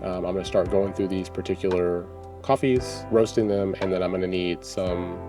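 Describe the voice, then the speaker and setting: A man's voice: low voice, flat delivery, normal speed, music in the background. A man from Texas talking casually in a vlog, easygoing and self-deprecating, reading product notes aloud as he shops. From Texas, USA. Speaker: home coffee roaster vlogger.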